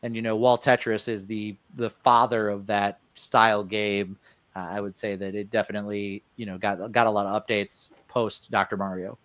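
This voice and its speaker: A man's voice: lowish voice, little pitch movement, moderate pace, a bit bright, no room sound. A man hosting a casual podcast chat about video games, laid-back and loose, swearing and laughing with friends. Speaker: host.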